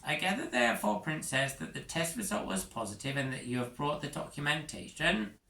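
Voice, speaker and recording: A man's voice: fairly high pitch, very animated, brisk, creaky, bright, forceful tone, pitched above the performer's own voice, full character voice. A man doing a flustered fussy official. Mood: fawning. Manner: formal, stammering, fawning. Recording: echoey room.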